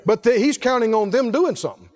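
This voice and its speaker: A man preaching a sermon, asking the congregation question after question in a folksy, animated way. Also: very high-pitched, fast. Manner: folksy, laughs between points. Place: church. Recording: echoey hall reverb.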